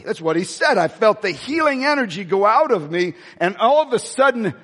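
A male pastor preaching a sermon in a large church, with emphatic peaks and quieter asides. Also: high voice, big pitch swings, normal speed, hardly any pauses. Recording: long church hall reverb.

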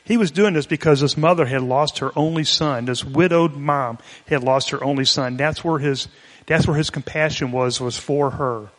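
A pastor giving a conversational, explanatory sermon, retelling a scripture story in plain everyday words. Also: male voice, fairly high pitch, normal speed. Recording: long hall reverb.

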